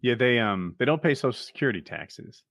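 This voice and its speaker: A man's voice: mid-range voice, lively intonation, a little fast, a bit bright, no room sound, studio quality. A man co-hosting a podcast, chatting casually and tossing in short, hesitant interjections. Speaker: podcast co-host. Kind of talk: casual chat.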